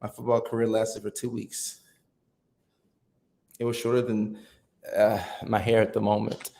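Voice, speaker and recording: A man's voice: fairly low pitch, little pitch movement, a little slow, vocal fry, pauses often, warm tone. A man in his thirties hosting a casual live stream, chatting loosely with viewers and reading their comments aloud with frequent restarts. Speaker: livestream host.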